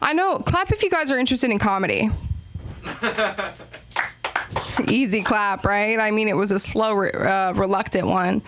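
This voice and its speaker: A woman's voice: medium pitch, moderate pace, pauses often, background noise. A young woman from Los Angeles hosting an open mic, doing rambling, self-deprecating stand-up between acts. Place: small comedy club stage.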